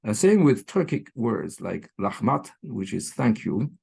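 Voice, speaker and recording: A man's voice: lowish voice, sing-song, unhurried, gravelly, darkish tone, husky. A man giving an online academic lecture, with many fillers, restarts and "right?" checks, recorded over a computer microphone. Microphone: computer mic on a video call.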